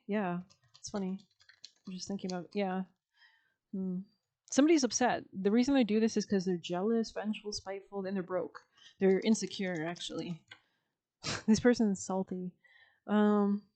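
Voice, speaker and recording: A woman reads tarot cards in a loose, chatty way. Her voice is warm and mellow and sits at a middle pitch. She leans on slang and filler words and laughs often as she talks. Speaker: tarot reader. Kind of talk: casual tarot reading.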